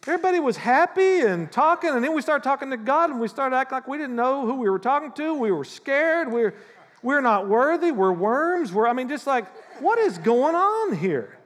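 High-voiced animated preacher in a hall. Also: male voice, moderate pace. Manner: animated, acts out prayers in mock voices. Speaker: pastor. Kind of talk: sermon.

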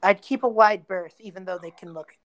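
A woman's voice: a little fast, lightly acted. Woman doing a cocky spirit guide, secretive, offhand, casual, tabletop game. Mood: breezy. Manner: casual, offhand, trailing off low. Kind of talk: tabletop game role-play.

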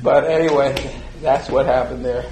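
An older man with an average pitch reminisces in a loose, rambling way, often laughing and stuffing his speech with fillers. His voice rings in a roomy space, with a faint ambient hum behind it. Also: fairly even intonation, normal speed, darkish tone. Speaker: interviewee. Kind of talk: casual storytelling.

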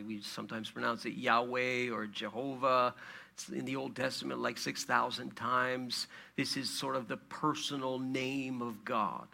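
Male pastor, slow unhurried sermon delivery, bright gravelly tone, conversational and asking questions. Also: medium pitch. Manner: conversational preaching with fillers and rhetorical questions.

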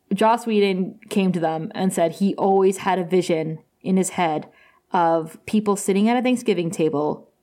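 A woman's voice: on the low side, warm tone. Chatty woman podcaster with fillers. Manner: chatty, loose, many fillers and laughs. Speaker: podcast co-host. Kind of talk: casual chat recapping an episode.

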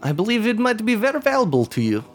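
A player voicing a foreign male adventurer who speaks in halting, ungrammatical but polite phrases in a tabletop game. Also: mid-range voice, sing-song, faint music behind, natural voice. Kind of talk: tabletop role-play as a character.

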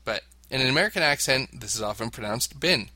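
Man reading tips aloud, tense and sharp tone, dry close sound, giggly co-host. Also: mid-range voice, animated, fast, no room sound. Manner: giggly, reads text aloud. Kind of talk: reading aloud in casual chat.

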